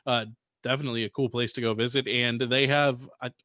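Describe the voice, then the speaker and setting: A man hosting a travel podcast in relaxed, easygoing casual chat. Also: mid-range voice, brisk, no echo, studio quality. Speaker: podcast host.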